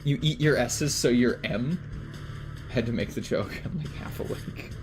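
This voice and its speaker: A mid-range male voice at normal speed belongs to a young Canadian chatting casually on a stream, with music in the background. He meanders, leaning on fillers and profanity.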